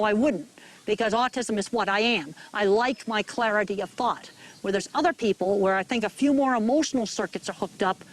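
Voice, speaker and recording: A woman in an interview, explaining things in a direct, plain-spoken way. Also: a little high. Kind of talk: interview talk.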